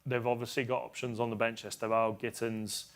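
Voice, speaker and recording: A man's voice: mid-range voice, level tone, a little fast. A man talking as a football pundit, thinking aloud with hesitant restarts as he breaks down tactics. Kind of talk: football analysis chat.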